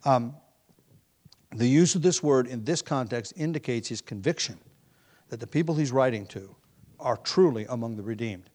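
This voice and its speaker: A man's voice: mid-range voice, lively intonation, moderate pace, long pauses, darkish tone. A man with a nagging cough, preaching an earnest expository sermon, often restarting phrases with fillers. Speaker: pastor.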